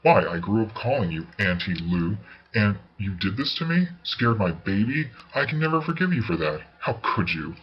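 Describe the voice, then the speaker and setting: A man's voice: fairly low pitch, very animated, normal speed, muffled recording. A man reading a storybook voices an angry young mother who accuses an old neighbour. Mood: indignant. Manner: indignant, accusing.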